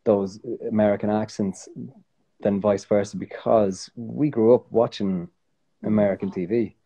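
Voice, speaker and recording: Husky, mellow-voiced Irish man. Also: fairly low pitch, unhurried. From Ireland. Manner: rambling, self-correcting, relaxed. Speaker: guest actor. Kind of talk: casual chat.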